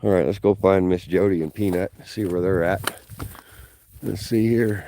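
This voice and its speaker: Man, low voice, winded hiker, folksy live-stream host; phone mic outdoors, faint background noise. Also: fairly even intonation, moderate pace, warm tone. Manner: folksy, keeps calling out to viewers. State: out of breath from hiking. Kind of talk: casual live-stream chat. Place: outdoors in high mountain country.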